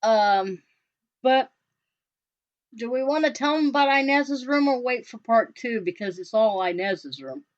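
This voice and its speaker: A woman co-hosting a radio show, chatting casually in a relaxed way, often hesitating and trailing off. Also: fairly high pitch, unhurried. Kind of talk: casual chat. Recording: dull lo-fi podcast audio.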